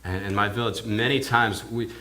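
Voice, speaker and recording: A man's voice: lowish voice, fairly even intonation, normal speed, pushed and bright. A male minister preaching in character as an awed village pig herder, telling his story in the first person with hesitant, often repeated words. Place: church.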